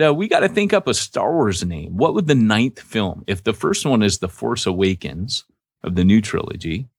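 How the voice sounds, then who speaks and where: A man co-hosting a podcast in casual banter, joking and animated. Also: fairly low pitch, creaky, breathy edge, dry recording, clean studio sound. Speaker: podcast co-host.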